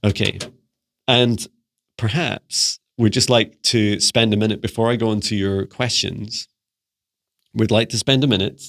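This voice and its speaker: A man who works as a spiritual mentor, talking casually to camera in a chatty, relaxed way and laughing often as he teaches. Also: lowish voice, normal speed.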